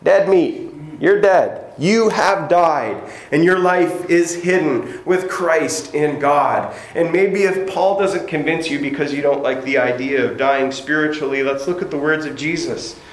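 A man's voice: fairly high pitch, unhurried. A man preaching a sermon as pastor in a church, emphatic and repetitive, with joking asides. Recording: echoey church room.

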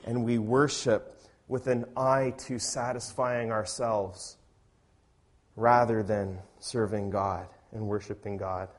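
A man preaching a sermon as a pastor, talking in a conversational way and growing loud and emphatic when he reads scripture aloud. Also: fairly low pitch, little pitch movement, slow pace.

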